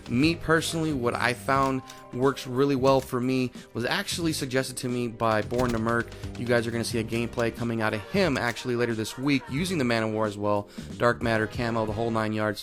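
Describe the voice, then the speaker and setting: A man's voice: mid-range voice, fairly bright tone. Chatty man giving gameplay commentary. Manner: chatty, rambling and upbeat. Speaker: gaming channel host.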